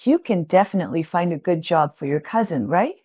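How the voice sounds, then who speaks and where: Woman reading as a pushy middle-aged aunt, whiny, demanding, lower voice, lively swings. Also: fairly quick, breathy edge.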